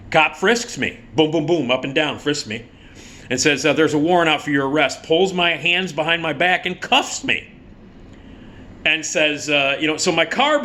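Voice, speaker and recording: A middle-aged man casually telling a personal story, animated and swearing freely, acting out the people in it. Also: medium pitch. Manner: animated, acts out the cop and himself in quoted voices.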